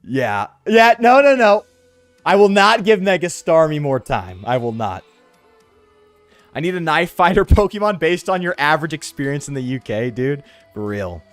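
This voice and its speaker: A man streaming a game, chatting casually in an animated, slangy, ranting way. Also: on the high side, moderate pace, no room sound, soft background music. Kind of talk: casual live-stream chat while gaming.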